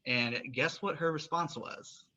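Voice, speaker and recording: A man's voice: fairly high pitch, measured pace, dull audio, a little hiss or hum. A man from North Carolina with a Southern American accent, hosting a podcast interview in an upbeat, chatty way. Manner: upbeat, chatty, repeats words when excited. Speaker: podcast host.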